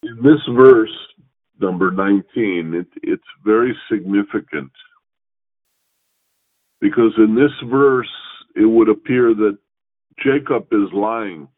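A man reading scripture aloud and pausing to explain it as a Torah teacher, in a slow, measured way. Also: on the low side. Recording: phone-like radio broadcast.

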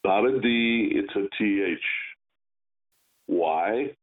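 A man teaching Kabbalah, giving a slow, stern lesson on pronouncing Hebrew letters and stretching words to demonstrate. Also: on the low side. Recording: tinny phone-like sound.

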